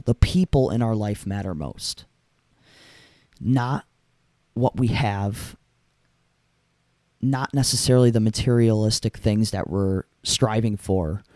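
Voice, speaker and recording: A young man talks through a solo podcast in a loose, rambling way, full of fillers and restarts. His voice sits a little low and sounds mellow. The mic is close, with a dry, deadened room. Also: no echo. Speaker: podcast host. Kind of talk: casual solo podcast monologue.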